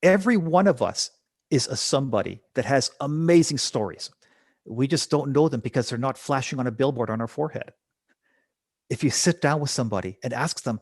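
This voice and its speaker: A man's voice: medium pitch, lively intonation, brisk, husky, no echo, clean studio sound. A man speaking as a podcast guest, telling stories and reflecting with rhetorical questions. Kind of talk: conversational storytelling.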